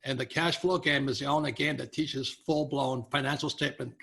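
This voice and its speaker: An older man, a guest author, telling animated anecdotes in an interview, acting out quoted voices. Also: medium pitch, a little fast, gravelly. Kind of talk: storytelling interview.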